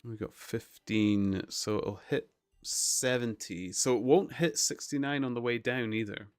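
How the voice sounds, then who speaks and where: A man chatting casually with his viewers on a live stream, relaxed and chuckling. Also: medium pitch, unhurried, dry recording, studio quality. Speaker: livestreamer.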